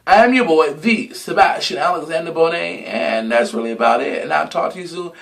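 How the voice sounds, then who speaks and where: Sassy high-voiced young man ranting. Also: fairly quick, gravelly, a bit bright. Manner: sassy, dramatic, swears freely; stretches words for emphasis. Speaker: vlogger. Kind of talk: casual gossip monologue.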